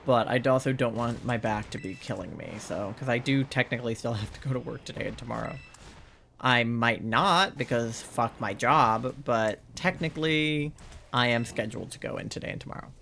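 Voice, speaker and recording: A man chats his way through a live-streamed video game, rambling and playful, with a bit of sleepiness in his talk. His voice sits at an ordinary pitch with a gravelly, fry-laden edge, and it is recorded at home at his streaming setup. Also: normal speed, pushed and bright, slight background noise. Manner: rambling, chatty, playful, with laughs and squeals. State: sleepy, yawning. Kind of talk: casual live-stream gaming commentary.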